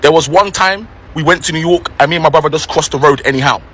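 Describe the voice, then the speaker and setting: An English man with an English accent, telling an anecdote in a lively, incredulous way. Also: a little high, quick pace, a little hiss or hum. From England. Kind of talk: animated anecdote.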